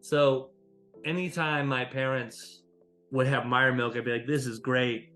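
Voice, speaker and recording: A man's voice: medium pitch, measured pace, soft background music. A man hosting a podcast, telling a long story in casual chat, swearing often and rambling with restarts. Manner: profane, rambling, animated storyteller. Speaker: podcast host.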